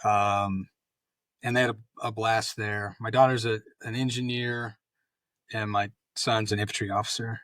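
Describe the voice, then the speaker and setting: A man's voice: fairly low pitch, flat delivery, normal speed, fairly bright tone, no echo, clean studio sound. A man in his fifties, a retired army colonel, telling rambling anecdotes full of fillers in a casual interview. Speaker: guest, retired Special Forces colonel.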